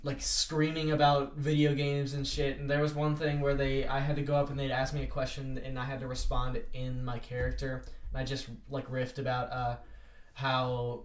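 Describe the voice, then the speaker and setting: A man's voice: medium pitch, completely flat delivery, normal speed. A young man, a theater actor, telling stories in casual chat, rambling with many fillers and laughing often. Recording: roomy sound from a distant mic.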